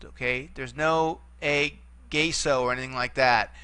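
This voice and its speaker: A man teaching a recorded lesson, patiently explaining and slowly repeating each word form, with many okays. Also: medium pitch, fairly even intonation, pushed and bright, smooth, dry recording. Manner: frequent okay fillers, patient explaining. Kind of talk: recorded classroom lecture.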